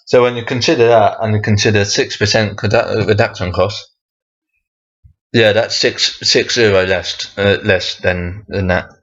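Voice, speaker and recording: A young man talks through a casual solo monologue, hesitant and full of restarts, swearing freely when he rants. His voice sits fairly low. The recording sounds dull and lo-fi. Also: steady tone, a little slow, fairly bright tone. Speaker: podcast host.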